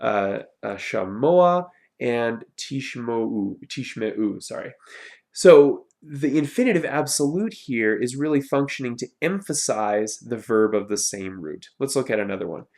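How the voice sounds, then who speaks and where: Creaky-voiced man teaching a lesson. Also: medium pitch, animated, darkish tone. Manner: explanatory, with frequent fillers and self-corrections; pronounces Hebrew words slowly and carefully. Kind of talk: recorded online lecture.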